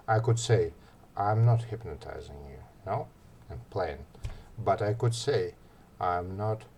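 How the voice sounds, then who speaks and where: A man explaining relaxation technique in a soft, hesitant, instructional way, sometimes dropping almost to a whisper. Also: low-pitched, a little hiss or hum. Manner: slow, soft-spoken, drops to near-whisper for example phrases; hesitant, many fillers. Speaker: ASMR artist giving advice. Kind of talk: instructional talk.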